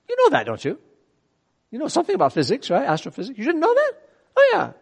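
A middle-aged man preaches a sermon in a large hall, keeping it animated and conversational and often putting questions to his listeners. His voice is on the high side.

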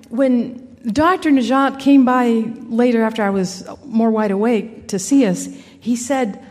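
A woman's voice: a little high, unhurried, warm tone, in a large hall. A woman giving an earnest personal faith testimony in a conversational storytelling way, with frequent restarts. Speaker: speaker sharing a personal testimony.

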